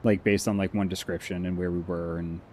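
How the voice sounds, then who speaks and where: A man's voice: deep voice, brisk, slight background noise. A man co-hosting a game stream, chatting casually and acting out other people's lines as he tells a story. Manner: animated storyteller, acts out friends' lines. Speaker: stream co-host. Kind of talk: casual chat.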